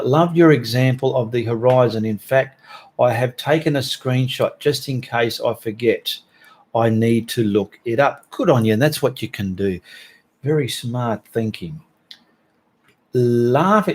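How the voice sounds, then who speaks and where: A man's voice: mid-range voice, a little mellow. A middle-aged Australian man hosting a live stream, reading out viewers' chat messages in a chatty, joking way full of Aussie slang.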